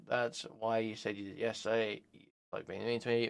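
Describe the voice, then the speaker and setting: A man reading out text messages and commenting on them sarcastically, swinging from mocking shouts to low mutters. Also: fairly quick, creaky, clean tone. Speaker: commentary youtuber.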